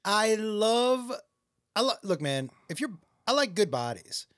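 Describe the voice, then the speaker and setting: A middle-aged man with a high, bright voice that swings all over the place as he tells profane gym stories and laughs through them. He sits in a dry, close studio sound. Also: unhurried, no echo. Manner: animated, profane storyteller who laughs often. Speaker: guest comedian. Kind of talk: casual podcast chat.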